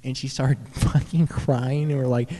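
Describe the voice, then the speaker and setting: A young man telling a rambling, profane story, excited and stumbling over his words. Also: medium pitch, a little slow, big-room sound. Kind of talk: casual profane anecdote.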